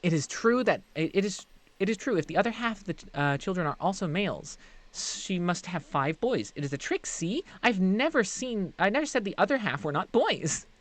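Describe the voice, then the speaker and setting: A streamer voicing an excitable little female kobold servant who speaks in the third person, squeaky and sing-song, repeating herself. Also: brisk, natural voice. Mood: playful. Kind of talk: live-streamed game voice acting.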